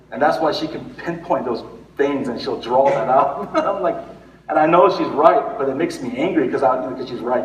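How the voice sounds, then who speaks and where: In an echoey room with a distant mic, a pastor in his forties preaches a conversational sermon, his medium-pitched voice muffled against slight background noise. He restarts often, uses lots of fillers, laughs at himself, and is tearful at times.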